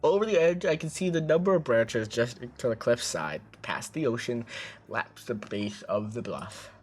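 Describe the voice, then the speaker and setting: A man's voice: mid-range voice, animated, moderate pace, a little hiss or hum. A man streaming, reading a visual novel aloud in a casual way, tripping over words and joking between lines.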